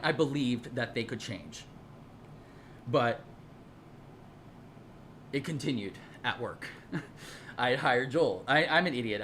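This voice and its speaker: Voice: medium pitch, a bit bright, slight background noise. Profane, heated personal storyteller. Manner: rambling with frequent repeats and restarts. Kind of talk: casual personal storytelling monologue.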